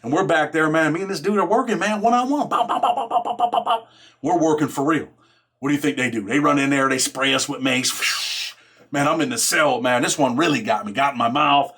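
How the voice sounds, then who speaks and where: A man with a fairly high voice tells a rough story from his past in loose, streetwise talk. He is profane and keeps tossing "man" into his sentences, the way a host talks straight to his viewers. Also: a little fast, a bit bright. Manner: streetwise, profane, fills nearly every phrase with "man". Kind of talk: casual storytelling.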